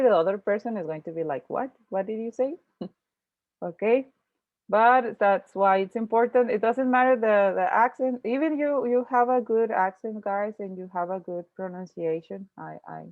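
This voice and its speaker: A native Spanish speaker teaches English in an online video-call class, switching between English and Spanish. She explains patiently, often restarting and thinking aloud, in a mid-range voice; the audio is tinny and dry with no echo.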